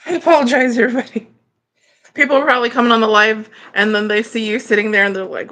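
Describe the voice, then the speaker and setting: A woman's voice: a little high, fast, bright, forceful tone. A woman hosting a livestream from her bedroom, apologizing and greeting viewers by name. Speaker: livestream host. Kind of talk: casual livestream chat. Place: home bedroom, at a computer. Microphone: computer mic.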